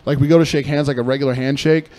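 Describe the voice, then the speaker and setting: A man's voice: medium pitch, racing. Young guy cohost rambling through a story, swears a lot, gets worked up. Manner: profane, animated storyteller. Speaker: podcast co-host. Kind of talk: casual storytelling chat.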